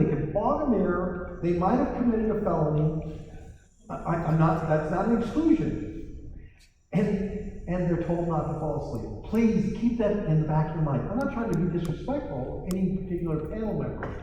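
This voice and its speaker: A man gives an animated, wry seminar talk, his voice mellow and a little high. He is picked up from far off in a big hall with long reverb. The sound is dull, with a faint hum of room noise behind him. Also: moderate pace. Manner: animated and wry, acting out quoted exchanges. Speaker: property tax seminar presenter.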